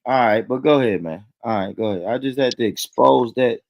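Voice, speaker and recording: An American man co-hosting a livestream, loud and teasing, laughing often in casual banter. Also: medium pitch, brisk, creaky, dry recording, highs cut off. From United States. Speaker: stream co-host.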